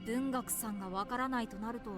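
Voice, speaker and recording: A woman's voice: fairly high pitch, rapid-fire, close to an everyday voice. A woman voicing a polite, formal young male tech expert in a game, with game music behind.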